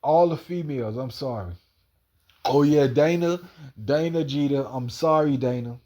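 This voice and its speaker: At a measured pace, a man with a mellow, mid-range voice rambles on in slang about his own life. He keeps tripping over words, circling back to the same points, and naming someone who isn't present.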